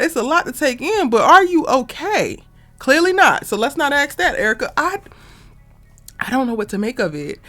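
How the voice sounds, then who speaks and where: A woman reviewing a TV episode in a casual, animated and exasperated way, talking straight to her viewers. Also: mid-range voice. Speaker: TV review vlogger.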